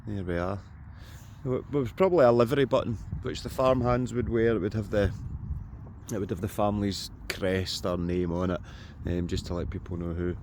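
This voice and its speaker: Out in open farm fields, a Scottish man metal detects and keeps up jokey, chatty narration for his viewers in a laid-back vlog. His voice is low-pitched with a darkish tone, and the recording carries a slight hiss or hum.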